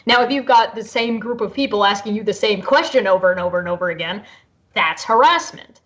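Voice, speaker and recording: A woman on a casual discussion panel, reasoning through points in steady explanations. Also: mid-range voice, fairly quick. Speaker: panel guest. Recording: dull lo-fi audio.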